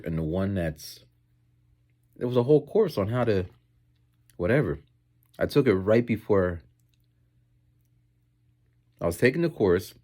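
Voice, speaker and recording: Deep husky man rambling on camera. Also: darkish tone. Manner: rambling, tangents, acts out quoted voices. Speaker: English teacher in Japan. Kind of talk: casual rambling vlog chat.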